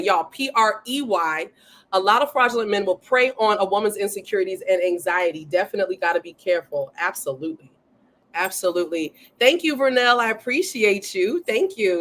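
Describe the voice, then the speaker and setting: A woman hosting a casual livestream, excitedly reading viewer comments aloud and often saying "y'all.". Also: medium pitch. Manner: says "y'all" often, Southern-tinged speech. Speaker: livestream host.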